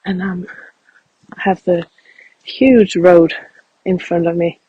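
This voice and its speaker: A man speaking softly and reflectively as he guides a walking meditation outdoors in a field. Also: high-pitched, slow, breathy edge, no room sound, lo-fi sound. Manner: calm, reflective, soft-spoken.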